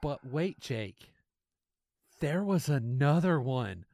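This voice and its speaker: Animated Southern man, sarcastic podcast host. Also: on the high side, takes it slowly, no room sound, studio quality. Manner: sarcastic, laughing, mock-dramatic readings. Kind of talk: casual comedic chat, reading emails aloud.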